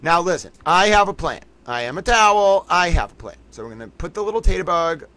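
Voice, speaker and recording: A man's voice: sits high, expressive, a little fast, bright, forceful tone. A man hosting a casual live stream, playful and gushing, repeating himself as he talks to chat. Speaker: livestream host.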